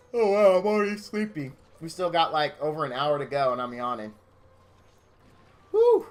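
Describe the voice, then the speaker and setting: A man's voice: on the high side, huge pitch swings, a little slow, pauses often, faint music behind. Gushing, emotional male streamer. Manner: gushing, openly emotional, rambling. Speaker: game streamer. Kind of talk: casual stream chat. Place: home game room.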